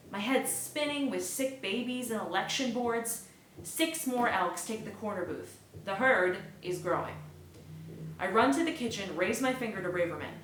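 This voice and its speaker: A woman reading a novel aloud to children in lively first-person narration. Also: mid-range voice, moderate pace, a little hiss or hum. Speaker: book reader. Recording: echoey room.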